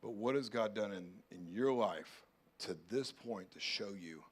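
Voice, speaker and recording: A male pastor preaching a sermon, dropping to soft, close pleas and then rising to loud, urgent calls. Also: lowish voice, moderate pace, breathy edge. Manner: swings from hushed pleading to loud urgent calls.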